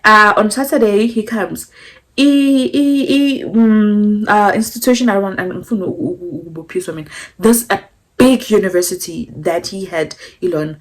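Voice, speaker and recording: A young South African woman with a South African accent, chatting casually through a storytime and switching between English and Zulu. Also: normal speed. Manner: animated, acts out quotes with pitch jumps. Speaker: vlogger.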